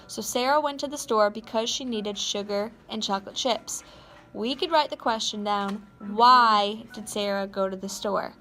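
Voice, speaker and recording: A woman teacher giving a recorded class lesson, dictating sentences slowly and clearly and repeating each one. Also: fairly high pitch, fairly bright tone, soft background music.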